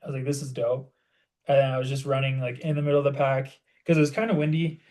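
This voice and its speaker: A young man co-hosting a podcast, telling a story in animated casual chat and saying "like" constantly. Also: medium pitch, fast. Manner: animated storytelling, heavy use of "like". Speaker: podcast co-host.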